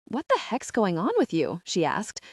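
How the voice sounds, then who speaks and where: A woman's voice: medium pitch, wildly swooping pitch, normal speed, husky, dry recording, clean studio sound, full character voice. A woman voicing a loyal, blunt female coworker with a Southern US accent in an audiobook. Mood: concerned.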